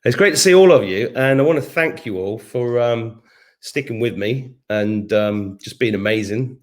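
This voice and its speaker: A man's voice: mid-range voice, moderate pace. A middle-aged man hosting a live stream from his home kitchen, chatting casually, reading comments, humming to himself and swearing now and then. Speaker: host of an online live show.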